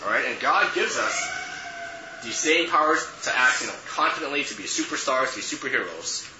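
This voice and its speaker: A man's voice: medium pitch, animated, a little fast. A man leading a youth group lesson in casual teaching talk, often checking in with "okay" and "right". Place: room with a group. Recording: echoey room, muffled, noisy.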